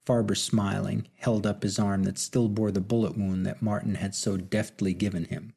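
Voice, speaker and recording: A man narrating an audiobook novel with steady, measured storytelling. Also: on the low side, vocal fry, breathy edge. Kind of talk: scripted narration.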